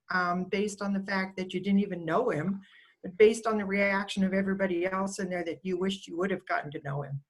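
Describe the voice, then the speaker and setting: A woman speaks over a video call, telling fond little stories about a student and quoting her. Her voice sits at an ordinary middle pitch. She tells the stories the way one does in a heartfelt speech. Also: fairly even intonation, fairly quick, poor audio. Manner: warm storytelling, quotes the student fondly. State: getting emotional. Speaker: school staff member giving an award speech.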